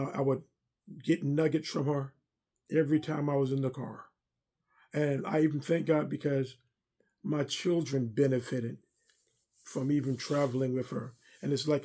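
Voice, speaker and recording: A middle-aged man gives a heartfelt testimony with a gravelly, slightly husky voice. His tone is mellow and warm. He talks in an earnest, preacherly way and keeps coming back to the same points. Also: mid-range voice. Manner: earnest, preacherly, repeats himself. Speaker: former armor bearer and driver to a pastor. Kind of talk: personal testimony talk.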